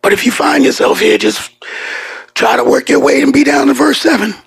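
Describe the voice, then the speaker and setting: A male pastor with a very high voice full of gravelly fry. He preaches emphatically, swinging between hushed tones and shouts, and slows down to stretch out key words. He throws in casual joking asides to the congregation. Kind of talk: sermon.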